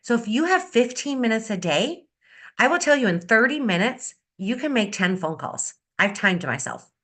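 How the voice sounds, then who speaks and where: A woman beauty consultant giving an upbeat, energetic sales-training talk on a video call, repeating her key advice. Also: fairly high pitch, normal speed. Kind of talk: coaching talk on a video meeting.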